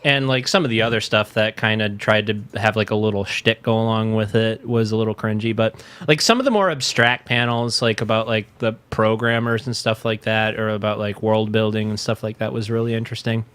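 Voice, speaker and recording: A man's voice: steady tone, brisk, few pauses, fairly bright tone, smooth. Casual, swearing male podcast host. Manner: laid-back, swears freely, mocks presenters in a high goofy put-on voice. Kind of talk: casual chat.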